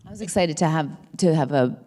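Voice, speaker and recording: A woman actor chatting on a stage panel, halting and searching for her words. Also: sits low, warm tone. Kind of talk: casual panel chat. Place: stage panel in a large auditorium. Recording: long hall reverb from a live stage.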